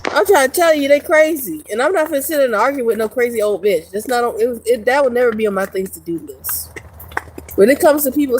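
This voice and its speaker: A woman's voice: on the high side, a little hiss or hum, poor audio. A woman vlogger ranting casually to her viewers, profane and rambling, laughing often. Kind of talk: casual rant to camera.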